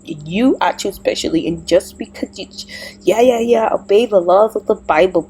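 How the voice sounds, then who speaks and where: A woman talking casually to camera in a personal vlog, rambling and thinking aloud, with soft murmured asides. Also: fairly low pitch, moderate pace, slightly rough, low-quality recording. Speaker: vlogger.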